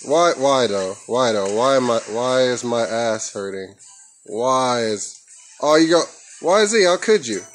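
A man's voice: medium pitch, expressive, measured pace, pauses often, slight background noise, low-quality recording. A young man recording his own gameplay at home on a headset mic, trash-talking, cussing and yelping as he plays. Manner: playful trash talk, cussing, sudden yelps. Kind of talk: casual gameplay commentary.

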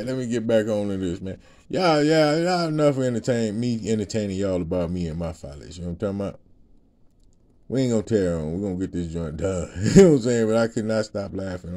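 A man's voice: fairly low pitch, mellow. A man giving a loose, rambling testimony to an audience, laughing often and repeating "you know what I'm saying" in slangy speech. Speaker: ministry speaker.

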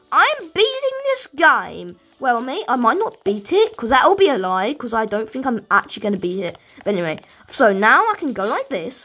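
Excitable British woman gamer, high voice. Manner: excitable, rambling, talks to viewers. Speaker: gaming YouTuber. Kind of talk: let's play commentary.

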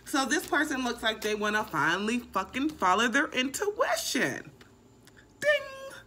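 Animated, emphatic woman tarot reader. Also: medium pitch, a little hiss or hum. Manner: emphatic, swears freely, repeats words. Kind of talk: casual tarot reading.

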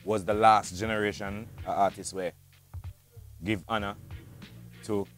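A man's voice: on the low side, flat delivery, fairly bright tone. A Jamaican man, a music artist, chatting casually in an interview with many restarts and fillers. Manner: fast, loose talk with many restarts.

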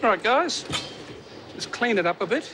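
A man's voice: high-pitched, very animated, moderate pace, background noise. A man hosting a cooking show in a studio kitchen, chatting casually and joking with the crew as he cooks. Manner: chatty, jokey, talks to the crew while cooking.

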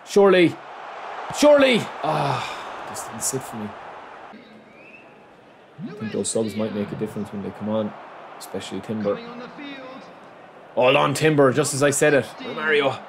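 A man commentating on his own football video game match, excitable, calling his viewers lads and bursting into shouts at big moments. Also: lowish voice, normal speed, pauses often, background noise. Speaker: gaming YouTuber.

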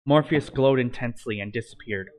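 A man's voice: mid-range voice, brisk, a little mellow. A man reading a fan-written adventure story aloud in an amateur way, stumbling and correcting himself. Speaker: narrator.

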